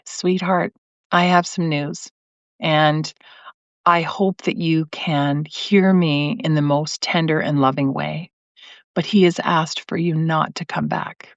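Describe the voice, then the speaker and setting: A woman quoting a gentle, soft-spoken woman mentor, speaking slowly and tenderly. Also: deep voice, fairly even intonation, no room sound. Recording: dry, slightly muffled stream audio.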